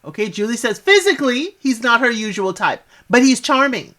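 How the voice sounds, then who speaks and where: A woman's voice: a little high, sing-song, normal speed, a bit bright. A woman giving a casual spoken recap of a reality show, chatty and sassy, talking back to the people on screen with lots of asides.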